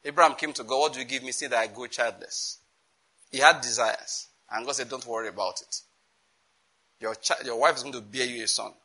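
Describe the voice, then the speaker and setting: A man's voice: mid-range voice, fairly even intonation, slightly rough, low-quality recording. A man teaching a sermon on prayer, emphatic, often checking that listeners get his point. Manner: reads scripture slowly and loudly. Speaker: preacher.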